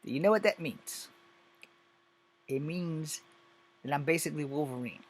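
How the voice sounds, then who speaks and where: A man's voice: fairly high pitch, moderate pace. A man giving a profane, exasperated and sarcastic rant in a casual video, reacting to clips he has watched. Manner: exasperated, sarcastic, heavy swearing. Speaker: commentator on social media videos. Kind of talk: profane ranting commentary.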